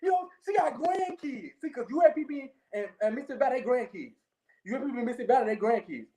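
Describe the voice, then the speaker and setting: A woman co-hosts a casual sports podcast in a high, mellow voice. Her pitch leaps around as she spins stories, laughs, and keeps checking in with "okay?". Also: quick pace. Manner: animated storyteller, keeps repeating okay, laughs often. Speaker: podcast co-host.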